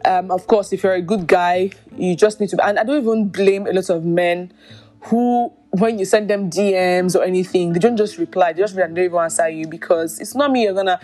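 A woman's voice: lowish voice, a little fast, darkish tone, soft background music. A woman hosting a podcast, giving exasperated, incredulous commentary on online drama and talking straight to her listeners. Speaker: podcast host. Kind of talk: commentary on social media drama.

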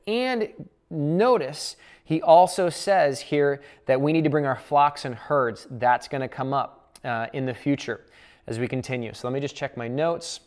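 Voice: mid-range voice, unhurried. A Bible study teacher explaining scripture in a casual, conversational way, thinking aloud while working through the passage.

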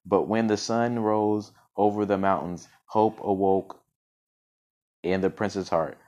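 Deep voiced guy reading a story real slow, keeps tripping on words and going back. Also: steady tone, darkish tone. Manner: stumbling reading with frequent restarts and self-corrections. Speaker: podcast storyteller. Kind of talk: reading a story aloud with asides.

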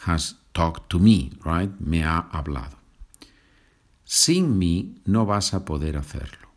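Deep-voiced Spanish man teaching slowly. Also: very animated. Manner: slow and patient, switching between English and Spanish example sentences. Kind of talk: language lesson podcast.

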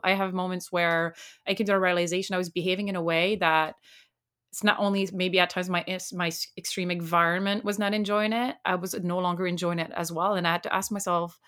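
A woman's voice: lowish voice, fairly even intonation, a little fast, a bit bright. A woman speaking as a life coach in a casual, heartfelt podcast chat, earnest and reflective. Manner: earnest and reflective, laughs readily.

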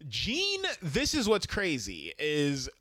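A man's voice: on the high side, wildly swooping pitch, slow pace, pushed and bright, dry recording. A man co-hosting a podcast in casual chat, who laughs often and acts out quotes.

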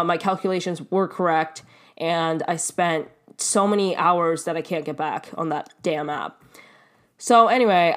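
Chatty young Canadian woman, slightly low voice. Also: a bit bright. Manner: chatty, swears freely, laughs often, rambling asides. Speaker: podcast host. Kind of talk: casual solo podcast storytelling.

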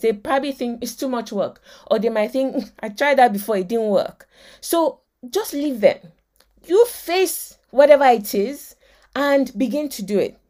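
A woman with a Nigerian accent hosting a motivational podcast, telling lively stories, acting out the people in them, and quoting scripture like a preacher. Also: on the high side. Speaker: podcast host.

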